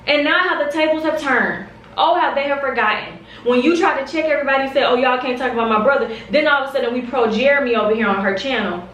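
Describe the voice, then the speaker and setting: A young woman vents straight to camera in a heated, confrontational vlog rant, hammering her points by saying them again. Her voice sits a little high. She sounds a step back from the mic in an echoey room with a faint hiss behind her. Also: quick pace, fairly bright tone, distant mic. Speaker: vlogger. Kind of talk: direct-to-camera storytime rant.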